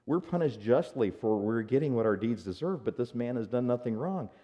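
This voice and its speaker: A man's voice: medium pitch, expressive, brisk, warm tone, long reverb tail, lo-fi sound, lightly acted. A man voicing an earnest, indignant criminal who rebukes another, in a sermon.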